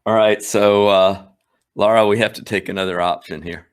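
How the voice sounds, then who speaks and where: A man's voice: fairly low pitch, fairly even intonation, moderate pace, clean tone. A man playing an improvised story game, reading options and explaining rules with hesitations. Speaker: player.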